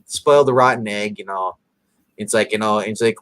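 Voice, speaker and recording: A man's voice: on the low side, moderate pace, a bit bright, no echo, poor audio. A man co-hosting a casual episode recap, rambling with many fillers and acting out characters' lines. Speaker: podcast co-host.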